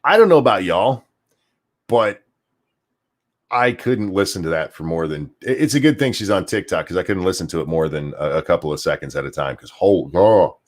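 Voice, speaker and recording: A man's voice: low voice, animated, normal speed. Sarcastic, swearing male commentary host. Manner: sarcastic, profane, stammering restarts. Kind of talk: ranting commentary stream.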